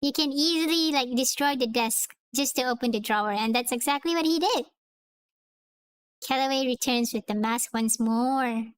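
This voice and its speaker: A woman's voice: high-pitched, normal speed, clear, resonant tone, dry recording. A woman reading a comic aloud in a casual, playful way, chatting between lines with a tiring voice. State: voice getting tired. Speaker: comic reader. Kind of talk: casual comic read-along with character voices.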